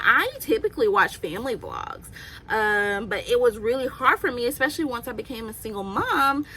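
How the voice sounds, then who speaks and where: A woman's voice: on the high side, fairly bright tone, slight background noise, low-quality recording. A young woman vlogging casually, answering questions in a chatty, candid way and laughing often. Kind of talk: casual Q&A vlog.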